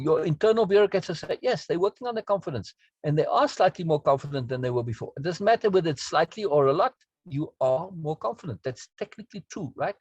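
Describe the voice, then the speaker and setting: A man's voice: a little high, slightly rough, dry recording. A man teaching a self-help course, explaining in an earnest, emphatic way and often checking in with the listener. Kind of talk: spoken lesson on self-talk.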